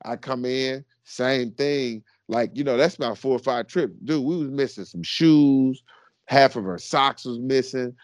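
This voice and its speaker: Podcast co-host, male, mid-pitched, animated slangy storyteller, close dry sound. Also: a little slow, no room sound. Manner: animated, slangy, addresses listeners as bro. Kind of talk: casual chat, storytelling.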